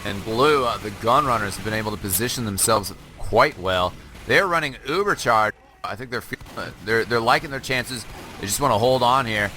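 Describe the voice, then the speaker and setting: A man's voice: on the low side, moderate pace, pushed and bright, a little hiss or hum. A man giving live analysis of an online game match over a headset, chatty and laughing often, with many fillers. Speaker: esports co-caster. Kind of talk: live color commentary.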